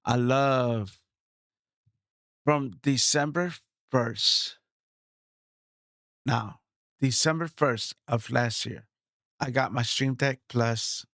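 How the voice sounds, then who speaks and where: A man chatting in a casual vlog about his new microphone setup, excited, repeating himself and talking straight to viewers on a studio mic. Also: mid-range voice, extremely slow, long pauses, no room sound. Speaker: streamer reviewing his gear. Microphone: studio microphone, swapped between two.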